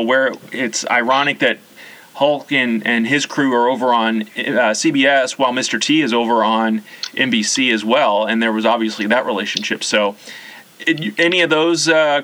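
A man from the central United States hosts a relaxed conversation. He has a bright, clear-edged voice at a middle pitch. He rattles off long lists in an easy, chatty way. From US Central region. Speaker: podcast host. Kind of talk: casual nostalgic chat.

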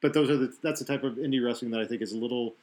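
Casual talk-show man, middling pitch, loose and rambling, lots of restarts. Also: rapid-fire, a little mellow. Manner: rambling, self-correcting analysis. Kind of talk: casual wrestling chat.

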